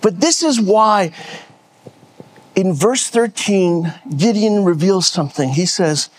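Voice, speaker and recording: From the stage, a pastor preaches a sermon in a high, expressive voice, taking his time. He often repeats words to stress a point as he builds up and rallies his listeners. There is slight background noise.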